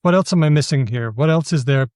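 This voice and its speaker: A man's voice: fairly high pitch, quick pace, a little mellow, no room sound, studio quality. A man hosting a podcast interview, summing up and asking follow-up questions. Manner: summarizes and asks follow-up questions. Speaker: podcast host.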